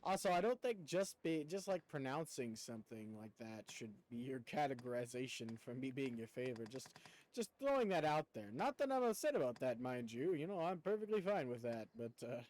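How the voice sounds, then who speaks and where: A man's voice: mid-range voice, animated, brisk, darkish tone. A man streaming a game, chatting casually with viewers in a rambling way and laughing often. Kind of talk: casual chat while gaming.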